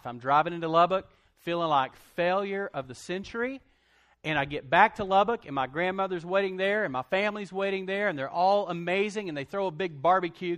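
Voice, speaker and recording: A man's voice: a little high, fairly bright tone. A male pastor, telling a personal story in a sermon and speaking straight to his congregation.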